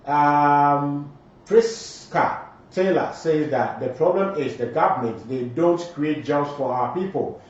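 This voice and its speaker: A man's voice: a little high, takes it slowly. A man with a Ghanaian accent hosting a live show, switching between Twi and English and reading out viewer comments with emphatic delivery. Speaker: morning show host. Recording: very echoey, distant, dull lo-fi sound.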